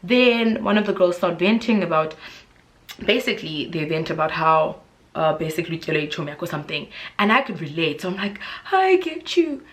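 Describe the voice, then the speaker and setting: A young woman with a South African accent, telling a casual storytime vlog in an animated, dramatic way, with shrill high voices for the people she quotes and hushed whispers for the tense parts. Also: a little fast. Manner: drops into hushed whispers when telling suspense. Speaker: YouTuber.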